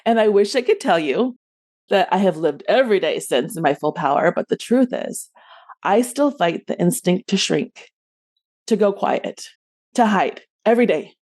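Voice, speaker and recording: An adult woman telling a rehearsed personal story as a podcast guest, expressive and loud when acting out yells. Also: mid-range voice, normal speed.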